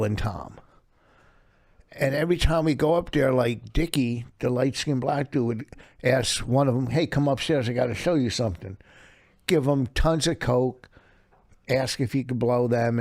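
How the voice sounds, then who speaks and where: A man's voice: medium pitch, a little slow, darkish tone, dry recording. A middle-aged man, a guest comedian, telling anecdotes in casual podcast chat and laughing as he goes. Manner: laughing through comic anecdotes.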